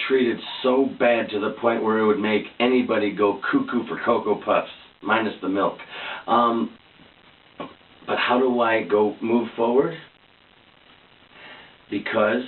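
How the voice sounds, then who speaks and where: A man's voice: lowish voice, a little slow, pauses often. A man talking earnestly to camera in a casual personal vlog, rambling and restarting his sentences. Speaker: vlogger. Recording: echoey, distant, phone-like tinny sound.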